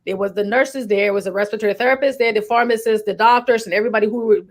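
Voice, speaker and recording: A woman's voice: medium pitch, steady tone, very fast. A woman who is a nurse co-hosting a talk show, telling stories in a chatty way full of fillers. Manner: chatty, storytelling, many fillers. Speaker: nurse and co-host.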